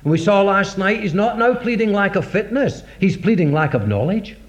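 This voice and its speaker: A man's voice: high-pitched, lively intonation, normal speed. A man preaching a sermon in a dramatic, rhetorical way, acting out the voices of scripture. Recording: dull lo-fi recording.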